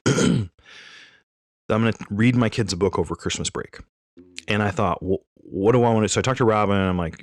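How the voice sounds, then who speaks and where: Low-ish voice guy in his 30s, chatty podcast storytelling, dry close sound. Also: dry recording. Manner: animated storyteller, rambling with self-corrections. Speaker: podcast co-host. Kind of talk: casual chat.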